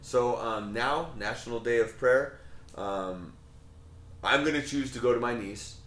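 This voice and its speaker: A man's voice: medium pitch, a little slow, a bit bright, echoey room. A man leading a Bible study, talking conversationally with rhetorical questions and frequent ums.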